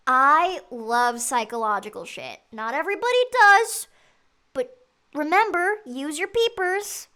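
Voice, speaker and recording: Excitable woman streamer talking to chat, very high bright voice, swears a lot. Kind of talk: live game stream.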